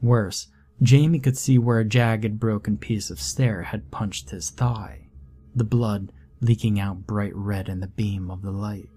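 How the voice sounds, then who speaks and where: Low dark-toned guy reading a creepy story, slow and measured. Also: steady tone. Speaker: narrator. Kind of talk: scripted horror story narration.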